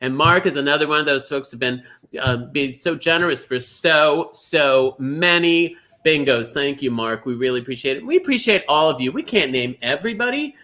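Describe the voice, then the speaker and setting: Man, Minnesota-raised, livestream bingo host, high bright voice, gushing manner. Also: lively intonation, normal speed. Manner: gushing, greets viewers by name. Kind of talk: chatty livestream hosting.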